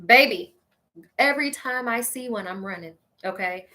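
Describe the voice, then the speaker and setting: A woman hosting a show, telling a funny personal story in an animated, exclaiming way, talking straight to her listeners. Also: a little high, normal speed. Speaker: host.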